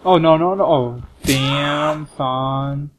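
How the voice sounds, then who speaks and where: Excitable young man yelling at a game. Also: fairly high pitch, slow pace, low-quality recording. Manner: excitable, swears and yells at the game. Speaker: gaming youtuber. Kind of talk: let's play commentary. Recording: home mic with clear background noise.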